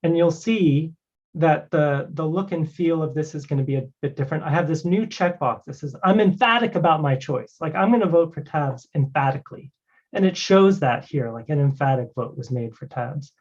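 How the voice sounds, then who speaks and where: A man walking through a live technical demo as a guest presenter, talking casually and filling pauses with "you know" and "right". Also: fairly high pitch, darkish tone. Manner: conversational, many fillers like "you know" and "right". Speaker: guest presenter demoing a cloud product. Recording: dull lo-fi stream audio.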